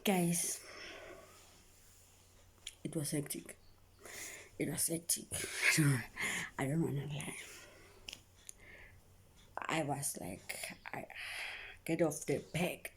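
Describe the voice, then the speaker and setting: A woman's voice: deep voice, steady tone, slow pace, long pauses, a little hiss or hum. A young woman telling an emotional story to her viewers, often dropping into a whisper and repeating herself. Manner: repetitive, keeps addressing viewers. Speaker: vlogger.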